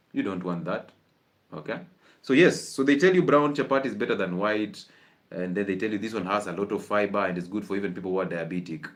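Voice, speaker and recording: A man lectures an audience on food and health in an animated, conversational way. His voice sits at an ordinary middle pitch, and he keeps throwing rhetorical questions at the listeners and chuckling between points. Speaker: health and wellness speaker. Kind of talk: lively health talk to an audience.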